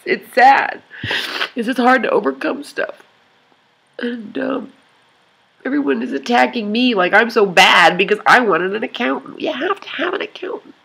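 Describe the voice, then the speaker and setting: Tearful breathy woman, rambling confession. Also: a little high, animated, a bit bright. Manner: rambling and halting, with many restarts and sighs. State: tearful, crying. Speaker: vlogger addressing her online club. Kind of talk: emotional confessional vlog.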